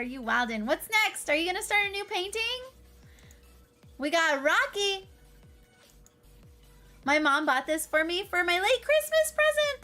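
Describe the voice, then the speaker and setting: A bubbly woman streamer with a high, bright voice that swoops up and down as she chats. She talks casually and effusively to her viewers, laughing often. Faint music plays underneath. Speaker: variety streamer. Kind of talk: casual livestream chat.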